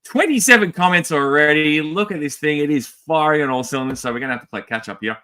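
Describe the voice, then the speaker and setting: A man's voice: a little high, quick pace, clean tone. An Australian man co-hosting a casual toy livestream, joking around and greeting people in the chat one after another. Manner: lively, jokey, rattling off greetings.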